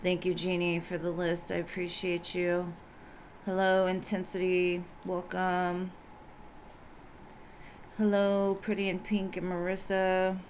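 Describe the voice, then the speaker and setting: A woman with a slightly scratchy voice chats unhurriedly on a live stream as a tarot reader. She greets each viewer in turn in a relaxed, chatty way, with faint ambient noise behind her. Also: fairly low pitch, slow. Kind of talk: casual live-stream chat.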